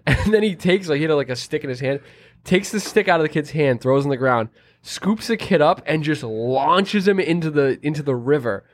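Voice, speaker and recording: A man's voice: on the high side, lively intonation, moderate pace. A man chatting casually on a podcast, telling stories in a laid-back, slangy way. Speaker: podcast guest or co-host. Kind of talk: casual chat.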